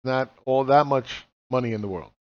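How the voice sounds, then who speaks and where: A man in his forties with a mid-range voice walks through chart reading casually at a moderate pace. He's blunt and profane, firing off rhetorical questions, and the lo-fi recording sounds slightly dull.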